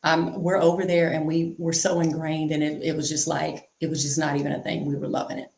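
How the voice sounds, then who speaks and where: A woman talking as an interview guest, telling stories candidly in an animated, chatty way and repeating phrases for emphasis. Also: sits low, brisk, vocal fry, roomy sound, slight background noise. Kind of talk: candid conversational storytelling.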